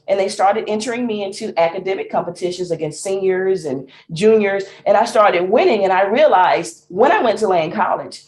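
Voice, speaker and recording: A middle-aged woman from Mississippi with a Southern accent, a singer telling her life story in an interview, animated and laughing often. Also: mid-range voice, brisk, few pauses, roomy sound, a little hiss or hum. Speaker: guest, singer and speaker.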